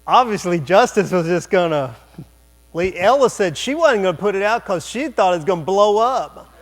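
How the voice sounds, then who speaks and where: A man with a high-pitched voice preaches from a church, telling a comic story about his family. He keeps it animated and jokey, with quick asides to the congregation. A low electrical hum sits under the recording. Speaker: pastor. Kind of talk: sermon storytelling. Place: church sanctuary.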